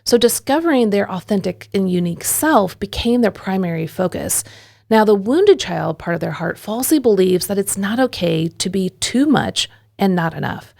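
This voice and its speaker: A woman co-hosting a podcast, explaining in a smooth, steady way. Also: mid-range voice, moderate pace. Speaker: podcast co-host.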